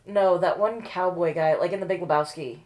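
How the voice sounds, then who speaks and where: A woman's voice: fairly low pitch, fairly quick, a little mellow, low-quality recording. A tipsy woman co-hosting a casual chat, hesitant and fumbling for words. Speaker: co-host.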